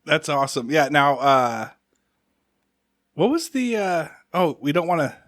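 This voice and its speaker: Chatty storytelling man, slightly high voice. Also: very animated, a little slow, a bit bright, no echo, clean studio sound. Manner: storytelling, acts out voices from his stories. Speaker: podcast host. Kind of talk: casual chat.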